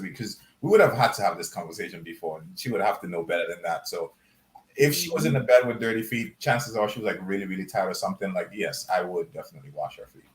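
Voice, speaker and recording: A man panelist on a live chat, easygoing, with halting starts. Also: lowish voice. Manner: hesitant, easygoing.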